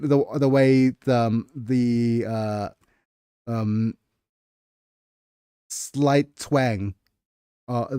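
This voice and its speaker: A man's voice: medium pitch, a little mellow, no room sound, studio quality. A man hosting a casual livestream about his writing, hesitant and thinking aloud, with many fillers and restarts. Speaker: livestreamer and writer.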